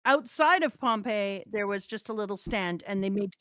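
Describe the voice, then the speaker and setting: A woman who teaches theater, co-hosting a casual chat and telling anecdotes in an animated way, acting out the people she quotes. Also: mid-range voice, moderate pace, smooth, no echo, clean studio sound. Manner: animated, acts out quoted voices.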